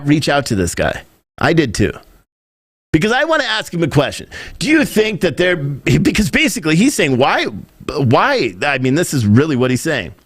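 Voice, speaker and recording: Male podcast host, rambling and opinionated, pitched a bit high, with a dry close-mic sound. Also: dry recording. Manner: animated, rambling, mimics others in quotes. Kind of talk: opinionated commentary.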